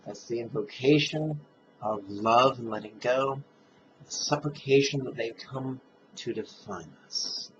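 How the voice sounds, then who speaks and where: A man leading a guided meditation, speaking calmly and drawing out his recitations. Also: mid-range voice. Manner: slow, calm, drawn-out recitation. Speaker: meditation teacher. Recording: dull lo-fi sound with faint noise.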